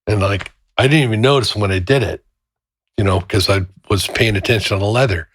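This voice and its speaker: A man co-hosting a faith-based podcast about fatherhood, telling stories in a casual, animated way. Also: lowish voice, brisk, husky. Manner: animated storyteller, acts out quotes loudly. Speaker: podcast co-host. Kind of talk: casual chat with storytelling.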